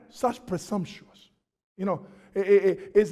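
A pastor preaches with fervor, his pitch high for a man and his intonation fairly even, though his volume swings from low, quick asides to shouts. He stumbles and repeats himself while building, and long reverb from a large church hall follows each phrase.

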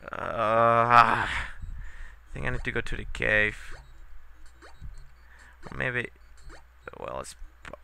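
A man's voice: medium pitch, animated, takes it slowly, creaky, long pauses, pushed and bright, clean tone. Frustrated, foul-mouthed young gamer man. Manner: swearing, frustrated and sarcastic. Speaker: let's play gamer. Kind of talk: casual game commentary.

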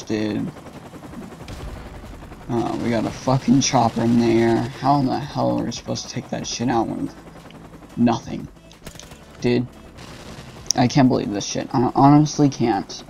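A man's voice: mid-range voice, creaky, darkish tone, slight background noise. A young man giving casual, swearing, frustrated commentary while he plays a shooter game as host of his gaming channel. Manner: frustrated, swearing, ranting at teammates. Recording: game music and gunfire behind.

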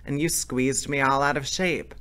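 A man's voice: medium pitch, steady tone, moderate pace, bright, forceful tone, natural voice. Fat grumpy bandit guy whining about being squished, voiced by a man. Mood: grumbling. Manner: complaining. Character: fat, grumbling male bandit.

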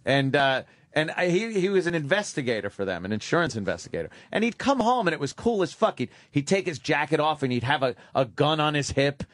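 A man co-hosting a radio talk show, telling a story and acting out the quotes with big jumps in pitch. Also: sing-song, fairly quick, few pauses, fairly bright tone, dry recording.

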